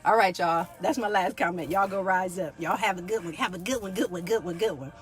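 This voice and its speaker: A woman's voice: on the low side, brisk, soft background music. A woman in her forties, a yoga teacher, giving a fired-up motivational talk and keeping on asking her listeners if they hear her. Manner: fired-up, preachy, keeps asking "do y'all hear me".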